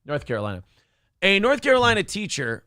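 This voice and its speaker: A man hosts a morning show with quick jokes and casual swearing. His voice sits high and bounces up and down a lot. The sound is dry and close, with no echo. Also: huge pitch swings, sharp tone. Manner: joking, profane, offhand. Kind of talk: casual comedic chat.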